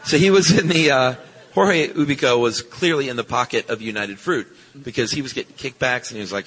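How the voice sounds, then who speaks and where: A man co-hosting a live podcast, telling the story in a relaxed way and slipping into little voices for quotes. His pitch sits in a middle range. A long hall reverb follows him from the stage. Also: a little fast. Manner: laid-back, storytelling, acts out quotes. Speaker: podcast co-host. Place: large live venue with audience.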